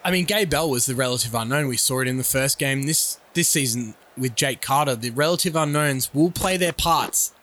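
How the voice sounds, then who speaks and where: A man's voice: medium pitch, moderate pace, hardly any pauses, fairly bright tone. A man doing mock sports commentary for a simulated cricket game in announcer cadence. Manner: announcer cadence, reading out lineups and sponsors. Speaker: play-by-play commentator.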